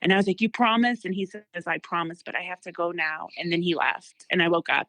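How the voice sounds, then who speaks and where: A woman's voice: lowish voice, brisk, hardly any pauses, bright, forceful tone, dry recording. A woman in her thirties telling an emotional personal story as an interview guest, with many fillers and restarts.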